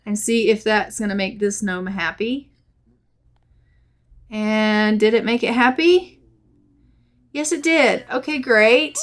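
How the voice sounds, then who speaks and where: Chatty woman narrating a life-sim game. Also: a little high. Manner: chatty, giggly, narrates characters' thoughts in quoted asides. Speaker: gameplay narrator. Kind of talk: casual let's-play commentary.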